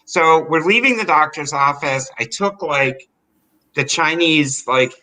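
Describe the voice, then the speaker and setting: A man telling a personal story in an animated, chatty way, full of fillers. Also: a little high, measured pace, rough recording. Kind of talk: live storytelling.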